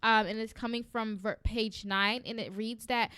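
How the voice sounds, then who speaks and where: A woman hosting a faith podcast, talking in an energetic, encouraging and conversational way and often checking in with "right?". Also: on the high side, normal speed, clear, resonant tone, no room sound, clean studio sound. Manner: encouraging and preacherly. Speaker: podcast host.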